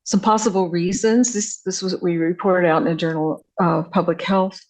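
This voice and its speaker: An older woman with a somewhat low voice gives an academic lecture. She talks in a halting way, full of fillers and restarts. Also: steady tone, a little mellow, rough recording. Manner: hesitant, many fillers and restarts. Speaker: visiting scholar lecturer.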